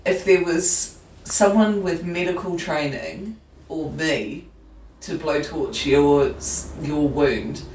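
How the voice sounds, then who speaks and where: A woman's voice: sits low, slow pace, a little mellow. A woman co-hosting a podcast, chatting casually about a TV episode in a dry, teasing way. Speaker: podcast co-host. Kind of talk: casual episode recap chat. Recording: echoey room with faint noise.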